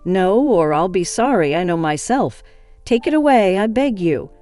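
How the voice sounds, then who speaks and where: A woman's voice: medium pitch, sing-song, normal speed, a little mellow, close to an everyday voice. A woman voicing a bitter, desperate young homeless woman who speaks bluntly and with self-pity, in an audio story. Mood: pleading. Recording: faint music behind.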